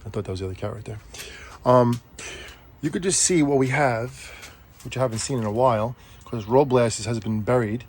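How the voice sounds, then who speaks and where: A man's voice: medium pitch, a little fast, long pauses, breathy edge. A middle-aged man chatting casually and rambling as he walks a camera around his garage arcade. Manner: rambling, chatty, self-interrupting. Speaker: vlogger. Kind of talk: casual walk-through chat.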